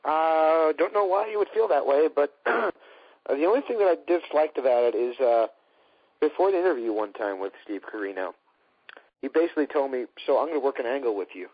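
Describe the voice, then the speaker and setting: A man's voice: fairly high pitch, animated, moderate pace, husky, no echo. A man co-hosting a casual wrestling talk show, speaking in an opinionated, sarcastic way. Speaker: podcast co-host. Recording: dull lo-fi dry recording.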